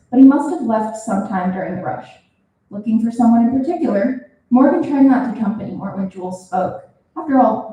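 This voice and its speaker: A young woman reading her own fiction aloud at a reading event, expressive and animated. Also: medium pitch, slight background noise. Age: young adult. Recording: roomy, from a distance.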